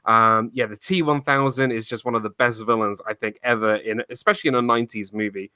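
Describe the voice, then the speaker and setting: A man's voice: fairly low pitch, steady tone, brisk, sharp tone, clear, resonant tone, no echo, studio quality. An American man co-hosting a casual movie chat, talking with gushing enthusiasm. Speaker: podcast co-host.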